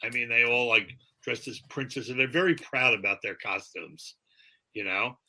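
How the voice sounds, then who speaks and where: A man's voice: medium pitch, normal speed, pushed and bright. A man hosting a podcast, joking with his co-hosts and telling a story with frequent laughter. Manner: laughs often, jokey storytelling. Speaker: podcast host. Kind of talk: casual banter.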